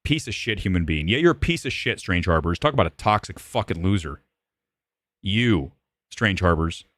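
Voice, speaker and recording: A man in his forties rants on a live movie show, his pitch leaping high and dropping low as he mocks and scolds. He is combative and sarcastic, swearing freely. The sound is dry and close, with no room around it. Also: animated, normal speed, a bit bright, no echo. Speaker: livestream host. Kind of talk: profane live-stream rant.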